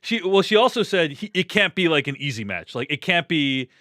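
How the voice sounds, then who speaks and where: A man's voice: on the high side, sing-song, brisk, pushed and bright, dry recording, clean studio sound. A man hosting a casual film discussion, hesitantly checking his understanding with frequent questions.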